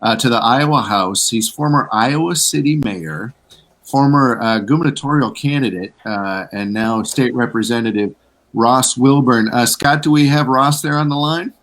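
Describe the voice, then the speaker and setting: A man co-hosting an online town hall, passing along news items in a relaxed, chatty way with fillers over a video call. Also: medium pitch, moderate pace. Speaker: co-host. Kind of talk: casual news rundown.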